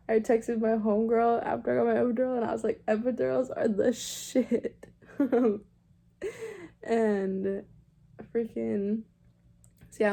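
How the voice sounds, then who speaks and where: A woman's voice: on the high side, gravelly, mellow. A young woman casually telling a personal story to camera, chatty and full of "like" and "um", with a newborn in her arms. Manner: chatty, heavy "like" and "um", swears casually. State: holding a fussing baby. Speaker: vlogger.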